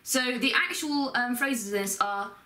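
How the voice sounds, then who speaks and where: Woman, recitation teacher, patient careful explaining, drawn-out sounds, distant mic, roomy echo. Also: a little high, bright, forceful tone. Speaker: Quran teacher. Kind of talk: step-by-step recitation lesson. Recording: echoey room, voice from a distance.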